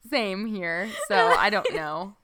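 A woman's voice: mid-range voice, slow. A woman co-hosting a podcast, chatting casually about a book and giggling often. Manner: giggly, animated. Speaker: podcast co-host. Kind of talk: casual book-club chat.

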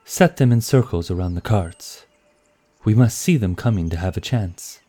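A man's voice: lowish voice, lively intonation, normal speed, dark tone, voice pushed up. A man voicing a stern, unbending male warden in an audiobook, giving firm commands.

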